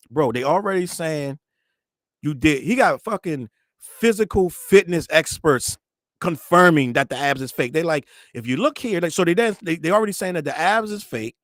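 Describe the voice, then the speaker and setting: A man's voice: on the high side, moderate pace, no echo, clean studio sound. A man hosting a casual commentary show, ranting profanely and acting out the people he talks about. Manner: profane, animated, acts out quoted voices. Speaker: podcast host.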